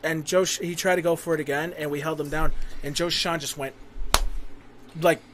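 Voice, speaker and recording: A man's voice: a little high, steady tone, moderate pace, noisy background. A man hosting a casual podcast, telling a crude, rambling, profanity-heavy story. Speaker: podcast host.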